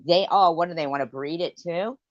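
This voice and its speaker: A woman's voice: on the low side, a little fast, no echo, muffled recording. A woman hosting a late-night live stream chat, telling stories in a profane, rambling rant. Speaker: livestream host.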